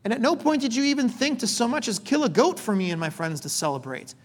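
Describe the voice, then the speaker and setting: A man's voice: sits high, expressive, normal speed, a bit bright, exaggerated voice. A man preaching, voicing a resentful older son who has always stayed loyal, in an aggrieved, pleading tone. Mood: indignant.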